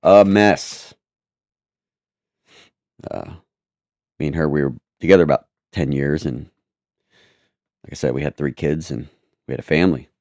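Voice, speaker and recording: A man telling a personal testimony in a halting, repetitive, earnest way. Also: rumbling low, a little mellow, dry recording, studio quality.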